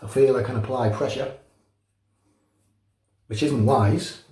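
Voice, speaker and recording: A middle-aged man with a Liverpool accent talks in a chatty, jokey way, telling stories between chuckles. His voice is mellow and dark in tone. It echoes off the hard walls of what sounds like a bathroom. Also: mid-range voice, slow pace. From North West England. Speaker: shaving channel host. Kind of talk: casual chat while shaving. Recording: echoey room.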